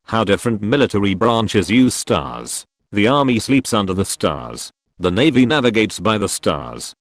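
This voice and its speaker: A man tells military jokes in a scripted, measured way. His voice sits low and moves lively up and down between setup and punchline. The sound is dry and close, with no room around it. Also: dry recording. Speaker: joke narrator. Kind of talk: scripted joke reading.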